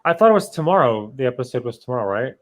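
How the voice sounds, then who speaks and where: A man's voice: mid-range voice, sing-song, racing. A man co-hosting a casual group chat, speaking in a candid, blunt way. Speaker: podcast co-host.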